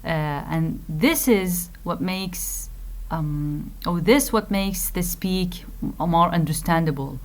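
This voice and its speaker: Slow-paced woman lecturing phonetics. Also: on the low side. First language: Arabic. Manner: explains slowly with fillers, repeats key phrases, switches to Arabic to clarify. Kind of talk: recorded lecture.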